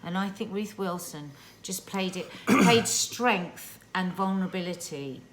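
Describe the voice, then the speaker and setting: Low-voiced woman co-hosting a review chat. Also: a little slow, very noisy. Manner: chatty, emphatic, teasing. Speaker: TV review podcast co-host. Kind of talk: casual chat.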